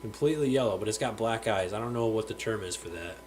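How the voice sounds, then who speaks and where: This man talks fast in a fairly low, darkish voice, and the rough recording carries a little hiss or hum. He's streaming casually from the aquarium-lined fish room at his home, chatting loosely, welcoming viewers by name, and occasionally tripping over his words.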